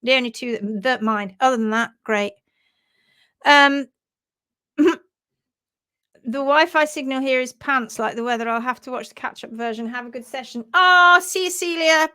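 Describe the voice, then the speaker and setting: A woman's voice: fairly high pitch, steady tone, normal speed, long pauses, a bit bright, clear, resonant tone. A woman presenting a casual live stream on hoof care, chatty and giggly.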